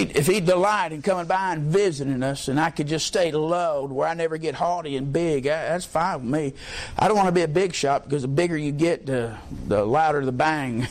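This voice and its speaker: A man preaching a sermon, impassioned and folksy, climbing to near-shouts. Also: fairly high pitch.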